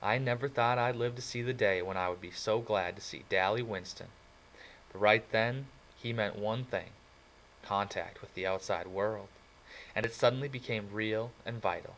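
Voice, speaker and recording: A man with a low voice reads a novel aloud in the first person. His telling is plain and even, a steady audiobook narration. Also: moderate pace, rough recording.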